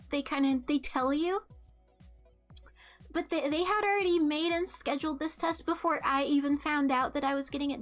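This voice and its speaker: A woman's voice: sits high, a bit bright. A young woman streamer chatting casually about her day, rambling with lots of ums and restarts, coughing with a mucus-filled throat. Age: young adult. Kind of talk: casual chat.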